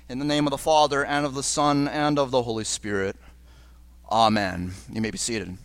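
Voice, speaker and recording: A man preaching a sermon as pastor at a church service, earnest and slowing down on key phrases. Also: mid-range voice, flat delivery, smooth, no room sound. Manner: earnest, with slowed emphatic phrases. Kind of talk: liturgical sermon.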